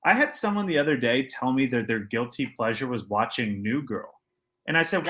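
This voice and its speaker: Male podcast co-host, bright and forceful tone, animated storyteller, opinionated banter. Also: medium pitch, normal speed. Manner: animated storyteller acting out quotes; joking, opinionated. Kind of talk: casual podcast chat.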